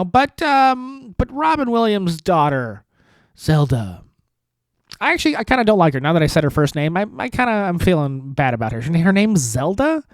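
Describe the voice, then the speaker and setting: A man's voice: on the high side, no echo. A man hosting a solo podcast from a studio apartment, talking in a rambling, profane, sardonic monologue full of restarts. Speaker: podcast host.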